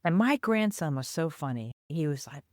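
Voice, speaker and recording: A woman's voice: deep voice, normal speed, no room sound, clean studio sound. An older woman, a podcast co-host, telling a personal story and acting out the voices of the people in it. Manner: animated storyteller who acts out quoted voices.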